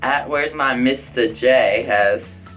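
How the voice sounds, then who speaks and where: A man's voice: mid-range voice, slow pace, a bit bright, faint music behind, rough recording. A young man casually answering viewer questions in a vlog, chatty and outspoken, with lots of "like" and "I don't know".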